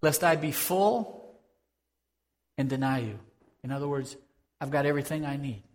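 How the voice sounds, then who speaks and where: A man's voice: medium pitch, moderate pace. Man preaching in a reverberant hall. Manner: conversational preaching, swings from loud to hushed. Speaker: pastor. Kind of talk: sermon.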